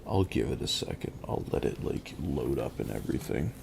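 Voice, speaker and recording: A man's voice: extremely low pitch, animated, normal speed, creaky, background noise. A man streaming a game, chatting casually and rambling as he reads and answers his chat.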